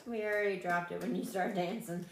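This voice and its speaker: A woman co-hosting a podcast, cracking deadpan jokes in mock alarm. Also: on the low side, a little fast. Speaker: podcast co-host. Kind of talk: casual podcast banter. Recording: echoey room.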